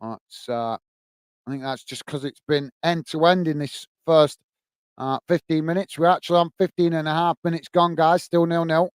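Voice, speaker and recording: Man, high voice, smooth clean tone, live match play-by-play, friendly chat with viewers, dry close sound. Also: steady tone, normal speed, no room sound. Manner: friendly, chatty play-by-play, calls viewers mate. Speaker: host of a football watch-along stream.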